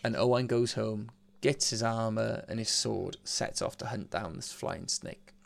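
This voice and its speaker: A man's voice: on the low side, measured pace, creaky. A man casually retelling a legend as a podcast host, swearing and laughing as he goes. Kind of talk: casual storytelling.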